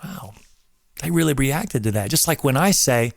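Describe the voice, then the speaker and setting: A man's voice: medium pitch, lively intonation, normal speed, gravelly, no echo, clean studio sound. A man in his forties giving an emphatic, coach-like talk on faith and marriage, like a drill instructor. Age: 40s. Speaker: host. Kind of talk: casual preaching talk.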